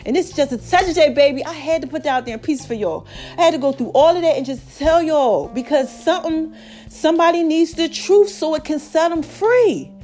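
High-voiced tired woman podcaster. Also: a little fast, faint music behind. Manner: preachy, animated, calls listeners baby and child. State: voice cracking, tired. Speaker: podcast host. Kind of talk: casual motivational talk.

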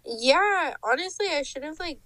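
A young woman co-hosting a podcast, telling a story in casual chat. She is animated, laughs often and mimics the people in it. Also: high-pitched, normal speed, low-quality recording. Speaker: podcast co-host.

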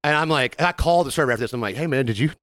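A man's voice: medium pitch, very fast, no echo. A man co-hosting a casual podcast, telling stories with animation, acting out the people in them and swearing freely. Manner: animated, acts out customer quotes, swears freely. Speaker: podcast co-host. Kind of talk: casual chat, storytelling.

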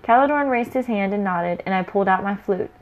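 A woman reading a first-person fantasy adventure story aloud in a lively, playful way. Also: medium pitch, brisk.

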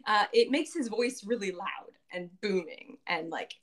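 A woman casually recapping a tabletop game session, chatty and quick to laugh, acting out quotes in a lifted voice. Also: expressive, fairly bright tone. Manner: chatty, laughs often, acts out quotes in a higher voice.

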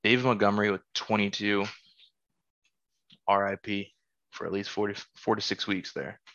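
A man's voice: on the low side, flat delivery, normal speed, a bit bright, no room sound, muffled recording. A man hosting a casual podcast, reading off fantasy football scores and teasing his friends. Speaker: podcast host.

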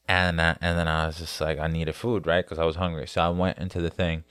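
A young man with a low, relaxed voice chats with friends on a podcast. He tells stories and lifts his voice when he quotes people. The sound is dry and close. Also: brisk, clean tone, no echo. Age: young adult. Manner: storytelling, animated when quoting others. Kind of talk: casual chat.

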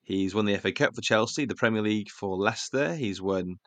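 A man's voice: on the low side, brisk, dry recording. A man hosting a casual football podcast, reeling off stats with a wry, chuckling manner.

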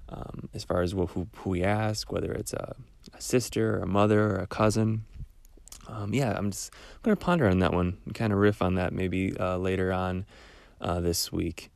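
A young man with a cold, hosting a casual solo podcast in a rambling, relaxed way with small laughs. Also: low voice, creaky, no room sound. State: stuffed-up cold voice. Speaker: podcast host.

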